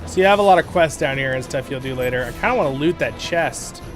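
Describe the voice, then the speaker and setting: This livestream host talks his viewers through a video game at a quick clip, his medium-pitched voice expressive over music. His delivery is casual and chatty, wandering off on tangents and stopping to correct himself.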